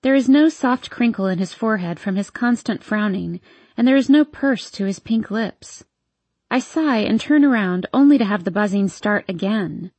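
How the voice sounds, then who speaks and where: A woman narrates a first-person romance story in a soft, intimate way. Her voice is mellow and a little husky, with a dry, close sound. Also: mid-range voice, animated, moderate pace, dry recording. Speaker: audiobook narrator.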